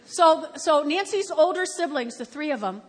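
An older woman with a high voice preaches a sermon, moving from homely storytelling to loud, emphatic appeals. Her voice rings through a big hall with a long reverb tail. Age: about 70.

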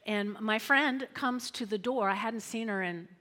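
Woman pastor, middle-aged, lively sermon, slightly high voice, repeats her lines, long church reverb. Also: a little slow. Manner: animated, repeats phrases, acts out voices. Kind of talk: lively sermon with acted-out quotes.

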